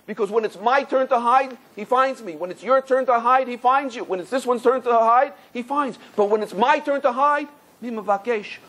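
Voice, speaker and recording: A gentle old rebbe speaking with quiet sorrow, as a male teacher voices him. The voice sits a little higher than the teller's own and stays husky. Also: normal speed. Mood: sorrowful.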